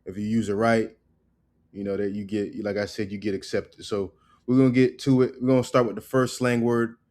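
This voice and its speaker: A man giving a casual spoken language lesson, loose and repetitive, tagging "right?" onto his points and drilling words slowly. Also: on the low side, fairly even intonation, darkish tone. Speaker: language teacher.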